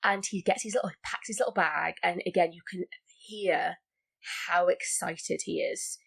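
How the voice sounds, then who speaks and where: A woman's voice: lowish voice, steady tone, moderate pace, vocal fry, fairly bright tone, breathy edge. A woman talking casually about a film as a podcast guest, full of likes and restarts. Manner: chatty, many likes and restarts.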